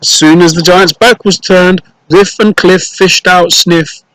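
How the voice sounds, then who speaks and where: Storyteller reading a children's book: slightly high male voice, very unhurried, playful. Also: level tone, fairly bright tone, dry recording, poor audio. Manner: slow, clear and playful, with rhymes.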